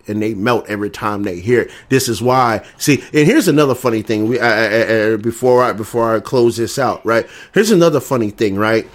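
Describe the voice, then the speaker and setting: A man with a Southern US accent delivering a combative, profane, repetitive rant. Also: medium pitch. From American South. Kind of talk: ranting monologue.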